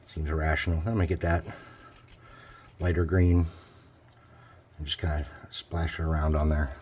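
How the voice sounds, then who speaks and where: Low voiced guy chatting thru a paint job, easygoing, bit of faint room noise. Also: normal speed. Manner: relaxed, thinking aloud as he works. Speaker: hobby crafter. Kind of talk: casual painting tutorial.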